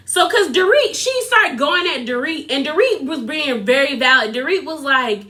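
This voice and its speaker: A young woman giving a casual, animated recap of a reality TV episode, sassy and quick to laugh. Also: high voice. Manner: animated, sassy, laughs often, quotes others in put-on voices.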